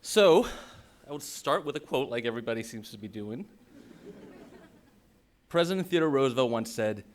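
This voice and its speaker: A man's voice: medium pitch, expressive, moderate pace, long pauses. A man in his thirties giving a speech at a podium microphone in a large ceremony venue, earnest and at times emotional, reading quotes with emphasis. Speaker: white coat ceremony speaker.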